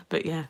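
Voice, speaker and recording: A woman giving a chatty live-streamed card-making lesson and greeting viewers by name. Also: poor audio. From England.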